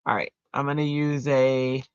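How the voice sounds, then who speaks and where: This livestream host has a rumbling low, darkish voice that is clear and resonant, with little pitch movement and a moderate pace. Chatting casually while card-making at home, she answers viewers' messages and sometimes sings bits. The audio is dull, with no room sound.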